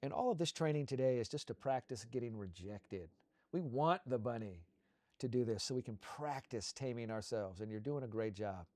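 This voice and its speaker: A man co-hosting a show, leading a slow guided visualization with soothing, repetitive coaching cues. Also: mid-range voice, lively intonation, a little mellow, no room sound, clean studio sound.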